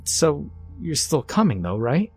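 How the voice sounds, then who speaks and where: A man voicing a young woman who speaks softly and hesitantly on the phone. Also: on the high side, big pitch swings, measured pace, slightly rough, faint music behind, pitched above the performer's own voice, heavily acted. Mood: hopeful.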